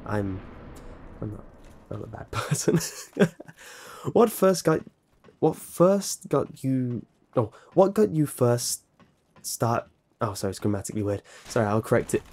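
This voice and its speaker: A young man with a British accent answers viewer questions in a loose, rambling way. He keeps catching and correcting himself and adds wry asides. His voice has a warm, mellow tone and sits at an ordinary pitch. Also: very animated, measured pace, pauses often. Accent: British, precise enunciation. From Britain. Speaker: YouTube narrator answering fan questions. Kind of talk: casual Q&A vlog.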